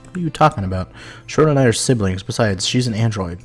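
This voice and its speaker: A man reading a calm young android girl. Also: fairly low pitch, quick pace, husky, soft background music. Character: earnest young woman android, sensible and calm.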